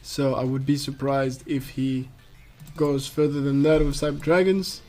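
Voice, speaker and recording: A man's voice: mid-range voice, level tone, a little slow, darkish tone, soft background music. A man from France whose first language is French, casting a live card game match in English in a chatty, easygoing way with lots of fillers and restarts. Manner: chatty, laughs easily, many fillers and restarts. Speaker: esports caster. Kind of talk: casual live game commentary.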